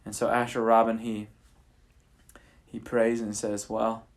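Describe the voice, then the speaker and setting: A man's voice: lowish voice, monotone, unhurried. A man improvising a bedtime story for his children at home at night, talking casually and thinking aloud into a handheld recorder. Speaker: father telling a bedtime story.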